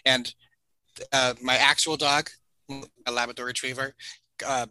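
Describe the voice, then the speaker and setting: A man's voice: mid-range voice, level tone, measured pace, pushed and bright, a little hiss or hum, rough recording. A man in his forties, a podcast guest telling long stories in a rambling, chatty way, full of fillers and little laughs. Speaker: podcast guest, family video creator. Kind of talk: casual storytelling interview.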